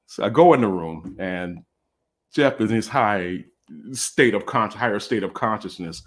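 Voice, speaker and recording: Low-voiced man telling a funny story. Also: normal speed. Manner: casual, animated, many fillers. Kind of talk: comic personal storytelling. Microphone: video call.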